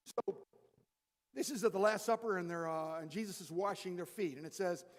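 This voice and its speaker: A man preaching a sermon in a relaxed, joking, conversational way, reading scripture and acting out the people in it. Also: sits high, normal speed. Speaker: pastor. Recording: echoey hall with long reverb.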